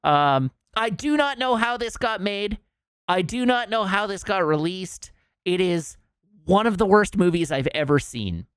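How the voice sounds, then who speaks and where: A man's voice: high voice, animated, measured pace, fairly bright tone, clear, resonant tone, no echo, clean studio sound. A man streaming, chatting casually and rambling with many fillers as he makes emphatic complaints.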